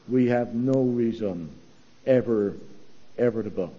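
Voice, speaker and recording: A man's voice: lowish voice, unhurried, long pauses, slightly rough. A man from England preaching an earnest sermon, repeating key phrases for weight. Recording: echoey hall, dull lo-fi sound.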